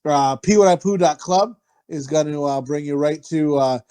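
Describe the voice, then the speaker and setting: A man's voice: fairly high pitch, moderate pace, dark tone, clean tone. A man hosting a comedy podcast in casual chat, crude and teasing. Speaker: podcast host.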